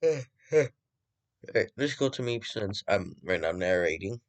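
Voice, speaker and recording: A man's voice: lowish voice, animated, slow. A young man improvising a fan story, rambling, swearing, and correcting himself often.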